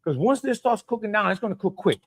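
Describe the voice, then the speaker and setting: A man's voice: high voice, lively intonation, fast. A middle-aged man with a Cajun accent hosting a live cooking stream, talking in a folksy way and greeting viewers by name. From Louisiana. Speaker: cooking show host.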